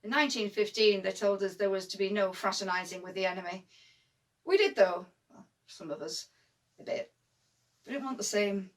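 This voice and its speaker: A woman's voice: medium pitch, normal speed, far from the mic, natural voice. A woman with a Northern English accent acting a young First World War nurse who talks in broad dialect, telling her story as a dramatic monologue. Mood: sombre. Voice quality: broad dialect speech, vivid and emphatic.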